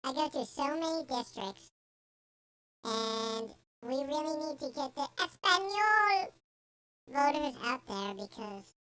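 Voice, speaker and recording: A man putting on a mocking impression of a young woman politician, with an exaggerated, drawn-out, singsong delivery. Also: very high voice, expressive, bright, forceful tone, voice pushed up, full character voice.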